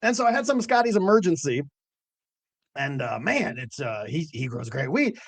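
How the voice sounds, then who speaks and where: Lively, higher-voiced man rambling casually. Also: moderate pace, no room sound. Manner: rambling storytelling with many fillers and swearing. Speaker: host of a cannabis growing show. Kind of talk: casual late-night show chat.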